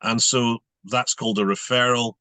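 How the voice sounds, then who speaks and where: Scottish man with a bright, dry voice. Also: medium pitch, fairly even intonation, no room sound. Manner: measured, explanatory. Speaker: hypnotherapist guest. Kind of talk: interview answers.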